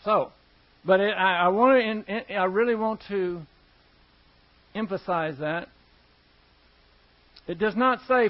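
A man's voice: high-pitched, slow, pauses often. A male preacher teaching verse by verse in a conversational, emphatic way, repeating key words for stress. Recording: dull lo-fi recording.

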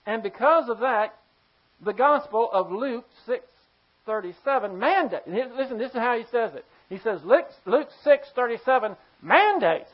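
A pastor gives an emphatic sermon to his congregation, firing rhetorical questions at the listeners in an animated, medium-pitched voice at normal speed. The sound is slightly dull and lo-fi.

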